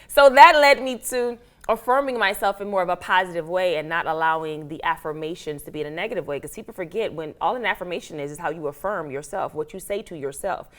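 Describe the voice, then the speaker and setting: Speaking fast with few pauses, this American woman has a voice on the low side. She's an actress and author sharing her story in a relaxed interview, lively and playing out what she used to think.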